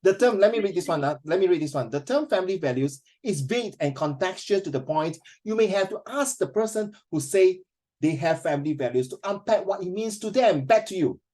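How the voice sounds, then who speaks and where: Singaporean guy teaching, middle-aged, emotional and animated, highish voice. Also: brisk. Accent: Singaporean English. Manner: animated, emotional, switches into Mandarin. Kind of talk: classroom lesson, emotional storytelling.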